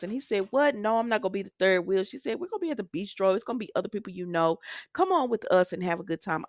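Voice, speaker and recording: A woman's voice: lowish voice, no echo, studio quality. A woman casually recapping a soap opera episode, chatting straight to her viewers and acting out the characters' lines in a loose, conversational way.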